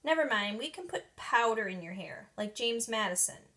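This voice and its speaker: A woman's voice: fairly high pitch, animated, moderate pace, a bit bright. Judy, a woman reading as a bossy big-sister girl.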